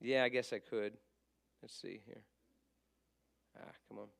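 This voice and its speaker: A man's voice: medium pitch, flat delivery, a little slow, gravelly. A man teaching a casual class. He asks questions and answers them himself, and he stops to fix his slips.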